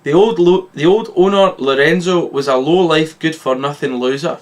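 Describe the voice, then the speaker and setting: A man's voice: on the high side, normal speed, close to an everyday voice. A man voicing an angry male diner owner who scolds and dismisses his customers. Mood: scornful.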